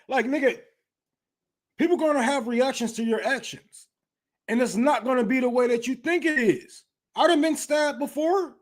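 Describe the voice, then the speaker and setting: On his livestream, a young man from Detroit goes on a heated, profanity-filled rant with blunt delivery. He speaks quickly and loosely, as in casual talk among friends, in a voice that sits high for a man.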